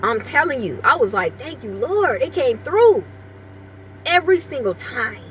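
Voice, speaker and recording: A woman's voice: high voice, sing-song, unhurried, a little hiss or hum. A woman vlogger chatting casually with her viewers and breaking off now and then to talk to her small dog.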